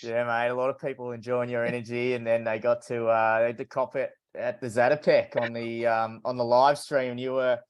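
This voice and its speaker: A man hosting a podcast in a loose, matey manner, his voice sitting at an ordinary middle pitch. He keeps things casual as he brings in and questions his guest. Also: little pitch movement, a little fast, few pauses, clean tone. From Australia. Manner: easygoing, matey interviewer. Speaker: podcast host.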